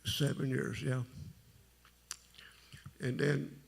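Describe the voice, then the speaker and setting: Gravelly deep-voiced man. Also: level tone. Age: middle-aged. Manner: rambling, halting, folksy storytelling. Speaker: testimony speaker. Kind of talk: personal testimony at a church service.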